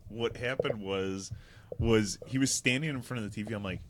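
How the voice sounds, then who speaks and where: A man's voice: fairly low pitch, normal speed. A young man chatting with friends on a podcast, telling a meandering story and laughing along the way. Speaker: podcast co-host. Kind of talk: casual chat among friends.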